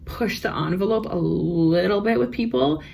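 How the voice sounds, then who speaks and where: A woman's voice: on the low side, moderate pace, vocal fry, a little mellow, slight background noise. A young woman vlogger telling work stories in a frank, profane, ranting way, casual storytime.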